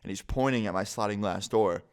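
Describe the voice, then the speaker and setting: Young guy doing a storytime vlog, lowish smooth voice, cussing a lot and saying like every other word. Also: a little fast. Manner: casual, heavy swearing, lots of "like". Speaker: vlogger.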